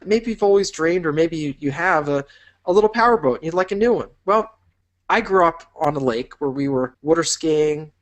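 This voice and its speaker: A man's voice: a little high, expressive, moderate pace. A man teaching a business course in an upbeat, encouraging way, painting vivid imagined scenes for the listener. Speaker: business instructor. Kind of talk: motivational teaching talk.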